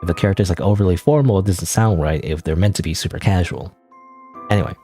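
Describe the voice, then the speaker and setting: Over music, a young man with a low voice talks fast and pauses often. Streaming a story game, he comments casually, reads the dialogue aloud, and rambles while frequently interrupting himself.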